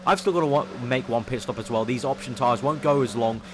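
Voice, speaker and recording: A young man giving eager play-by-play commentary over his own racing game, getting excitable when he overtakes. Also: medium pitch, fast. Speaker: gaming commentator.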